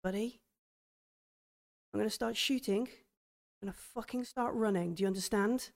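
A woman's voice: a little high, steady tone, fairly quick, clean tone, long reverb tail, natural voice. A woman voicing a curt tough soldier. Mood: tense hushed. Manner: curt barked orders, heavy swearing.

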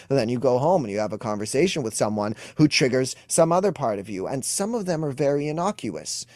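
A man's voice: on the low side, darkish tone, dry recording, studio quality. A young adult man, an emotional wellness coach, explaining earnestly as a guest in an interview. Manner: earnest, explanatory, acts out quoted dialogue.

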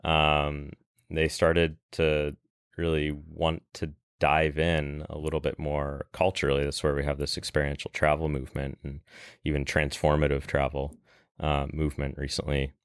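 A man talking as a guest on a podcast, relaxed and loose, filling pauses with "you know" and "um". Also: a bass voice, smooth, no echo, studio quality. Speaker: guest, travel industry veteran. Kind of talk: casual podcast chat.

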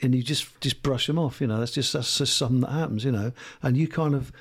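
A man from Lowestoft with a Suffolk accent, asking questions in a roundabout, musing way as a student interviewer on an informal podcast. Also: quick pace, slightly rough. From Lowestoft, England.

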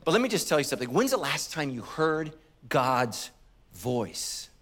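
Casting: middle-aged male pastor, high voice, animated storytelling sermon. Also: moderate pace. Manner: animated storytelling with acted quotes and humor.

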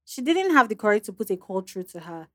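A woman hosting a podcast, reading measured scripted narration about a guest's story. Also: medium pitch, very animated, a bit bright, dry recording, studio quality. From Africa. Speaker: podcast host.

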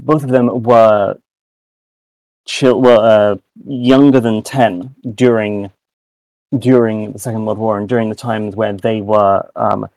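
A man's voice: fairly low pitch, darkish tone, dry recording, poor audio. Rambling British man, very dry sound. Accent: British English. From United Kingdom. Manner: rambling, many restarts, self-deprecating. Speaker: podcast co-host. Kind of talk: casual chat.

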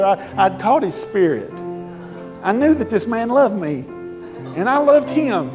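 Folksy preacher in echoing church. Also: male voice, high voice, lively intonation, moderate pace. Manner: folksy, emphatic, rising to fervent. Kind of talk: sermon storytelling to a congregation. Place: church sanctuary. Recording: long hall reverb with music.

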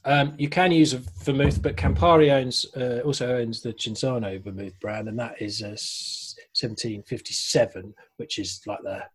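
A man's voice: medium pitch, steady tone, moderate pace, few pauses, husky. A man co-hosting a casual online talk show about cocktails, chatty and jokey as he explains a drink's history. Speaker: podcast co-host.

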